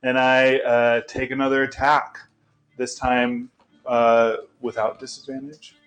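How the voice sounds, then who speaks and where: Male player, very slow pace, halting delivery, music under him. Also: mid-range voice, little pitch movement, poor audio. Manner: slow and halting, bursts into shouts. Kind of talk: tabletop game play.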